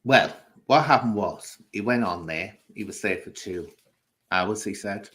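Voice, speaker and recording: A man's voice: on the low side, animated, unhurried, fairly bright tone. Blunt man scolding live chat. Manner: blunt, scolding, addresses viewers directly. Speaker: livestream host. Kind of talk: casual livestream chat reading comments.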